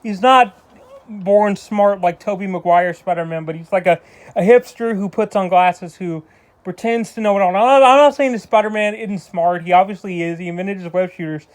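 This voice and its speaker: A man with a fairly high voice gives a casual spoken film review at a moderate pace. He rambles, stumbles over words, keeps restarting sentences, and wanders into loose asides.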